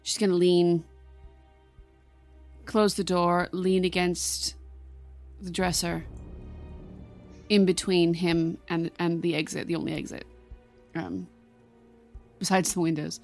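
A woman playing a tabletop game, quickly describing her character's actions. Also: lowish voice, flat delivery, vocal fry, a little mellow, faint music behind. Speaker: player.

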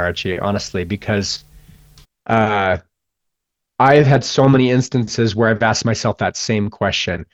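A man's voice: medium pitch, muffled recording. A man speaking as a guest on a podcast interview, earnest and reflective, telling a personal story with frequent restarts. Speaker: guest musician.

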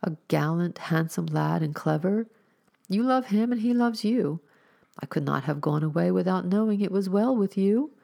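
A woman reading the lines of a mysterious, gentle male stranger with a calm authority and slow, solemn delivery. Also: fairly low pitch, gravelly.

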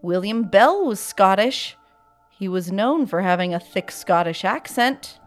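A woman hosting a podcast, reading a listener's spooky story aloud in a casual, profane way with deadpan asides. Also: medium pitch, measured pace, soft background music. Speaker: podcast host.

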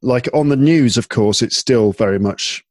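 A man's voice: mid-range voice, moderate pace, no echo. A man in casual, musing conversation, chatty and full of fillers as he thinks aloud. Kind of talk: casual chat.

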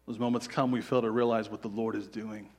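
A man's voice: lowish voice, little pitch movement, fairly quick. A man preaching a sermon as pastor in a church, earnest and emphatic, his delivery swelling with intensity. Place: church sanctuary.

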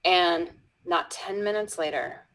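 A woman with a slightly low voice recounts a school incident as an interview guest. She restarts her sentences often and sinks into soft whispers whenever she quotes what was said. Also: takes it slowly, rough recording. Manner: drops into soft whispers when quoting, frequent restarts. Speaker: educator guest. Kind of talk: storytelling in a conversational interview.

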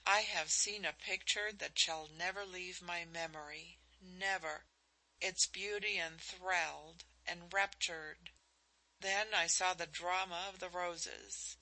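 A woman reading the part of a lovestruck young man who speaks softly and earnestly. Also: on the low side, fairly even intonation, slow pace, full character voice, low-quality recording. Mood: tender. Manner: soft, earnest pleading.

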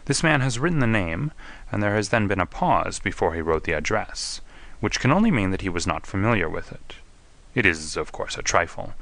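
A man reading an audiobook, voicing a keen, precise detective who reasons aloud in a crisp, deliberate manner. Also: on the low side, fairly bright tone, dry recording, exaggerated voice. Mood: analytical. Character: keen, precise male detective, middle-aged.

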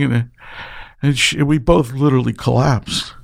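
Animated middle-aged man telling a story. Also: moderate pace, vocal fry. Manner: animated and emotional, swings high when excited; swears freely, trips over his words. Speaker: guest. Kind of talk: casual storytelling.

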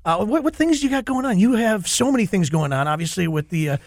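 A middle-aged man hosting a podcast, an animated storyteller who acts out quotes in casual chat. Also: high voice, quick pace, no echo, clean studio sound. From Minnesota. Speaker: podcast host.

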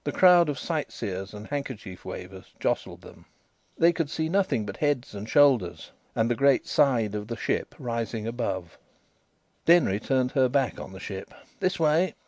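Man reading a novel aloud, animated pitch, dry close recording. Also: measured pace, dry recording. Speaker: audiobook reader. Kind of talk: scripted narration of a novel.

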